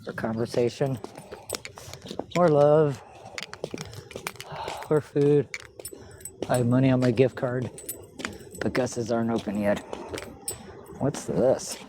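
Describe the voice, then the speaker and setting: A woman's voice: a bass voice, steady tone, takes it slowly, pauses often. A woman vlogging outdoors on a street, talking to herself and to cats and swearing often. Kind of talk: rambling outdoor vlog. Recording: noisy outdoor recording.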